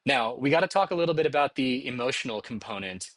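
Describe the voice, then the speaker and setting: A man's voice: medium pitch, lively intonation, quick pace, fairly bright tone, no room sound. Encouraging male teacher, dry close sound. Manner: encouraging, conversational, frequent "okay?" check-ins. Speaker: math instructor. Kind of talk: recorded lecture narration over slides.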